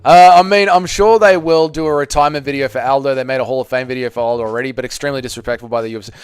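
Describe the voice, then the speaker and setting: Speaking very fast in a clear, resonant, mid-range voice with no echo, a man hosts a live fight watch party. He reads chat and swears freely while giving blunt, excited, casual commentary.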